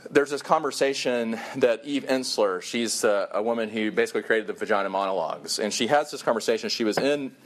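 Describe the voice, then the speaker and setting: A man preaching a sermon, talking to the congregation in a conversational, earnest way and stressing key phrases. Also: mid-range voice. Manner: conversational, earnest, emphatic with pauses.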